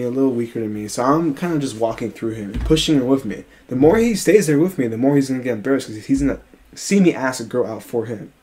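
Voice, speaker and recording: Animated, profane young male storyteller. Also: medium pitch. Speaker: podcast co-host. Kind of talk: casual storytelling chat.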